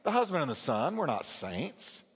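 A male pastor preaching a sermon, telling a story with animated delivery and acting out the voices of the people in it. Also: fairly high pitch, moderate pace, breathy edge. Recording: long hall reverb.

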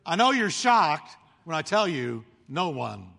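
A male pastor preaching a sermon, telling the story with animated delivery and acting out the voices of the crowd. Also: fairly high pitch, measured pace, vocal fry, big-room sound.

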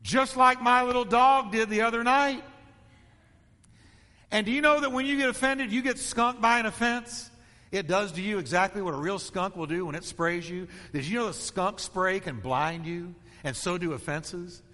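A man's voice: high voice, moderate pace, sharp tone. Guy preaching in a church, punchy repeated lines, lots of reverb. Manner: emphatic, rhythmic preaching with repeated phrases. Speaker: pastor. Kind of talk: sermon.

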